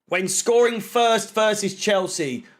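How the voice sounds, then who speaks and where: A young man talks over a live football match, venting in a swearing, sarcastic rant. His voice sits high and he takes his time between points. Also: slow pace. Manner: frustrated, swearing, sarcastic ranting. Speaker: fan channel co-host. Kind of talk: live match watch-along commentary.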